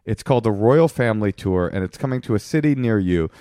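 Guy cohosting a podcast, bouncy lively pitch, dry close sound, argues and teases. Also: fast, no room sound. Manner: argumentative, animated, mocking impressions of his wife. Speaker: podcast co-host. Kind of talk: casual chat.

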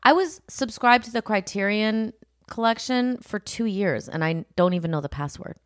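A woman's voice: medium pitch, moderate pace, dry recording, clean studio sound. A woman co-hosting a podcast in casual chat. She talks expressively and reacts openly. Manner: expressive, reacts with laughs and gasps. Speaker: podcast co-host.

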